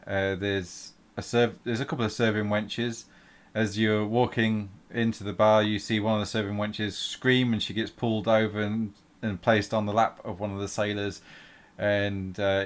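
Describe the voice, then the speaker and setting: A game master narrates a fantasy tabletop game in a slightly low voice. He often stops and restarts his sentences as he describes the scene. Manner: halting, with many fillers and restarts.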